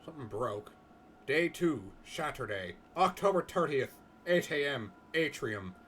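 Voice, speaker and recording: A young man giving excitable, jokey let's-play commentary, swearing casually. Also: on the high side, measured pace, slight background noise. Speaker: gaming host.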